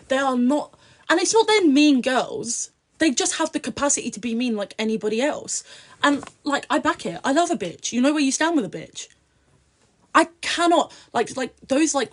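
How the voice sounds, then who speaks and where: A young British woman, an influencer guest, chatting bluntly and profanely on a podcast, swinging from low mutters to loud outbursts. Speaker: social media influencer guest. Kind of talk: casual podcast chat.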